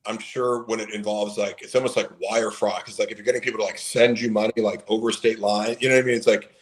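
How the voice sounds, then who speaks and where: A man's voice: fairly low pitch, steady tone, quick pace, poor audio. A man in his late thirties telling a story in casual chat, rambling with many fillers. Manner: rambling, heavy on fillers, acts out quoted people. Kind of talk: casual storytelling on a live stream.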